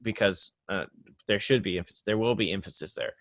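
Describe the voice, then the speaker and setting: A man hosting a casual podcast chat, rambling through examples and growing animated when he makes a point. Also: lowish voice, fairly quick, dry recording. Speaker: podcast host.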